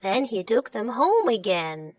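A woman storyteller narrating a children's storybook in a slow, expressive way. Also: on the high side, no echo. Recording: dull lo-fi dry recording.

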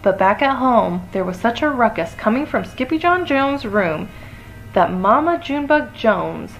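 A woman reading a children's picture book aloud in an expressive, playful way. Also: unhurried, highs cut off, faint music behind. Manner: expressive, playful, lots of pitch swings. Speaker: storyteller.

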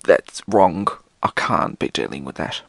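A man's voice: low voice, expressive, a little slow, creaky, fairly bright tone, no echo. Rambling, sweary British podcast man. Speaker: podcast host. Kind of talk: casual solo podcast monologue.

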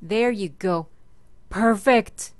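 A woman's voice: mid-range voice, drawn-out words, dry recording. A young woman chatting her way through a Minecraft let's play, talking to mobs and her pet and squealing when startled. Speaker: gaming channel host.

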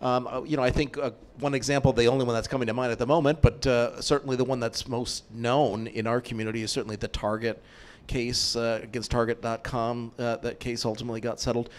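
A man, a lawyer, asks a long question at a meetup, rambling and halting with many fillers. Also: medium pitch, level tone. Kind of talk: Q&A moderator question.

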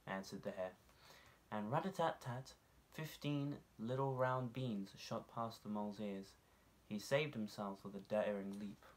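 A young man, a drama student, reading a children's story aloud in an expressive storytelling manner and relishing the sound-effect words. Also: lowish voice, measured pace. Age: young adult.

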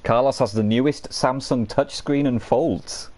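A man's voice: mid-range voice, measured pace, crowd noise. A man co-hosting a live stream, trading dry, teasing banter and swearing freely. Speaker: streamer co-host. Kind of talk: casual live-stream chat.

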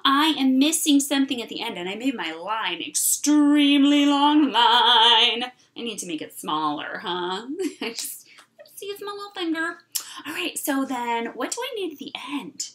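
Female teacher, middle-aged, talks slowly to young children and sounds out words; animated, somewhat high voice. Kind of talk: online kindergarten writing lesson.

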